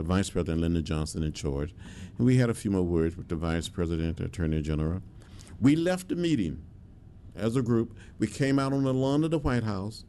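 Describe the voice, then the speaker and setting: An older man, telling his history slowly and with emphasis, pausing on his words. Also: sits low, warm tone. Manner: measured storytelling with emphatic pauses and fillers. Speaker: interviewee, civil rights veteran. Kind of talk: reflective oral history interview.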